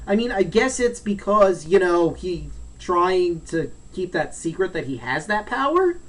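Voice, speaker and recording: A man's voice: high-pitched, big pitch swings, unhurried, fairly bright tone, distant mic, poor audio. A man hosting a let's play, casually recapping a game's story in a rambling, jokey way and acting out the characters' lines.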